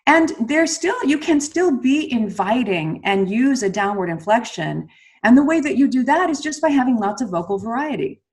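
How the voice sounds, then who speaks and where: A middle-aged woman, a communication coach, explaining calmly in an interview and ending her statements on a downward tone. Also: fairly high pitch. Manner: measured, explanatory, ends statements with downward inflections. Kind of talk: conversational interview.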